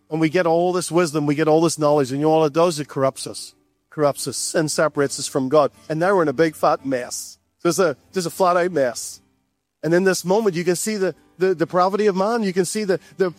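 A man preaching a sermon as pastor, animated and repeating key lines for emphasis. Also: sits high, dry recording.

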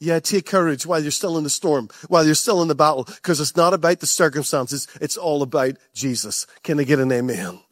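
A man's voice: on the high side, a little fast, few pauses, no room sound, clean studio sound. A man preaching a passionate sermon to a church, repeating phrases and chuckling often. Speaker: pastor.

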